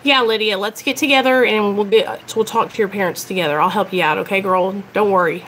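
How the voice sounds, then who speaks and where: A young woman chatting loudly and excitedly on a live stream about her recovery, talking straight to her viewers. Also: medium pitch, fairly quick, a little hiss or hum. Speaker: recovery vlogger. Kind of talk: casual live-stream chat.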